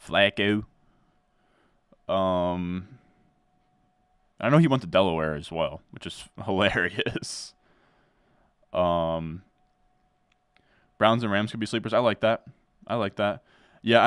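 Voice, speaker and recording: Drafting on a casual live stream, a deep-voiced, easygoing fantasy football guy from New Jersey answers chat and leans on "dude" a lot. His voice is smooth, recorded in clean studio sound with no room sound.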